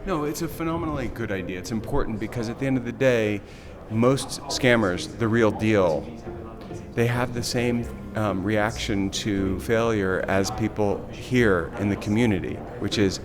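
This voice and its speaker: A man's voice: fairly low pitch, normal speed, music in the background. A man hosting a podcast interview, casual and affirming, often chiming in with agreement. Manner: casual, affirming, lots of backchannel. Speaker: podcast host.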